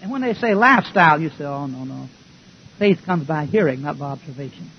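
A man's voice: fairly high pitch, animated, a little fast. A man preaching a sermon in a folksy, emphatic way, throwing rhetorical questions at his congregation. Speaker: pastor. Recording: dull lo-fi recording with faint hiss.

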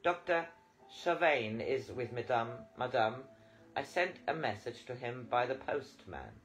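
A man's voice: mid-range voice, sing-song, measured pace, a bit bright, soft background music. A man voicing a kindly female French maid who speaks in a soothing way.

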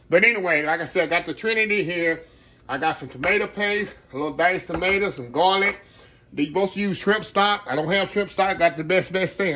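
A man's voice: on the high side, sharp tone, slight background noise. A middle-aged man hosts a casual cooking demonstration, talking in a folksy, rambling way and calling viewers y'all. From Texas. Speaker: home cook host.

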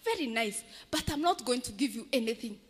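A woman's voice: fairly high pitch, animated, brisk, husky. A woman acting out a male beggar who turns ungrateful and stubborn, in a children's story told in church. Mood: defiant. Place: large echoey church. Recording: echoey church hall.

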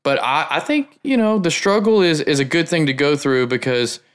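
A man's voice: a little high, lively intonation, moderate pace, smooth. Enthusiastic male host, clean resonant voice, easygoing chatty delivery. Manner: enthusiastic, frequent fillers like man. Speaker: podcast host. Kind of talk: conversational podcast talk.

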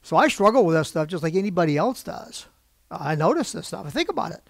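A man preaching from the pulpit to his congregation, conversational and openly emotional, often putting questions to the room. His voice sits a bit high with a gravelly edge. The recording is close and dry. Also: big pitch swings, fast, no room sound. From United States. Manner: emotional, gets worked up. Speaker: pastor. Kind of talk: sermon. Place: church pulpit.

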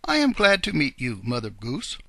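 A man voicing a kindly old rabbit gentleman who speaks in a polite, old-fashioned, earnest way. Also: mid-range voice, wildly swooping pitch, moderate pace, no room sound, voice pushed up, exaggerated voice. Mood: courteous.

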